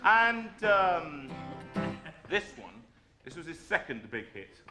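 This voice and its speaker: A man's voice: fairly high pitch, big pitch swings, takes it slowly, roomy sound. A man hosting a live music show, telling jokey stories to his audience between songs. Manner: playful, jokey, chatty with the audience. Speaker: host and singer. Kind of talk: live show chat and comic story-song. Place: music room of a live stream.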